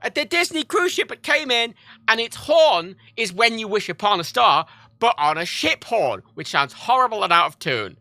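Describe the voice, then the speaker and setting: Speaking from home on a livestream, a high-voiced man sounds very animated, bright and forceful at a moderate pace, with no room sound. He rambles casually and profanely, often breaking off mid-thought.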